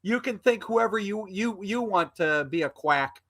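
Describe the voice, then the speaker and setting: Angry and insulting, a man repeats himself while arguing with a troll during a live video call where he's a stream guest. His voice is high with lively intonation, a moderate pace, and a fairly bright tone.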